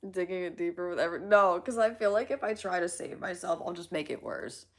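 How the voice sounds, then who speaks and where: A woman's voice: on the low side, brisk. A woman live-streaming in casual chat, giggling often, reading chat aloud and swearing casually.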